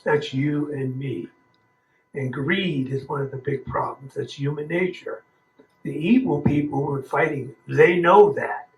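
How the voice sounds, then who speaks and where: A man gives his opinion at a roundtable in a slightly high voice, plain and earnest with folksy grammar. His voice echoes in the room. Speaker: roundtable speaker. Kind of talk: opinion talk.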